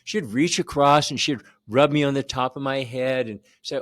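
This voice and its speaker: A man's voice: mid-range voice, fairly even intonation, normal speed, fairly bright tone. A man in his seventies telling a personal childhood story to camera in a conversational way, repeating words for emphasis. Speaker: channel host.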